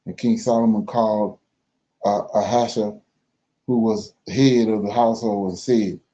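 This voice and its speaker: A man reading scripture aloud for a Bible study, slow and careful, pausing and correcting himself as he goes. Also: fairly low pitch, steady tone, mellow, muffled recording.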